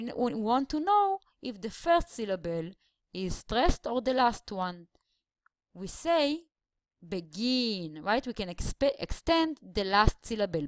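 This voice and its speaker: A woman's voice: fairly high pitch, dry recording, clean studio sound. Woman teaching English grammar. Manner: explains slowly, stretching syllables to show stress. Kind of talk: grammar lesson voice-over.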